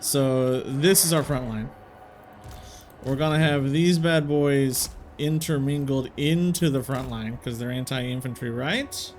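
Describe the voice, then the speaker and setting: A man's voice: mid-range voice, unhurried, a little mellow, a little hiss or hum. A man hosting a strategy game let's play, thinking aloud as he plays and talking in casual slang. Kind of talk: video game commentary.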